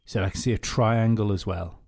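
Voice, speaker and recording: A man's voice: on the low side, fairly even intonation, fairly quick, vocal fry, a little mellow. A man co-hosting a podcast, telling a rambling story in casual chat, swearing freely and restarting his sentences. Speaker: podcast co-host.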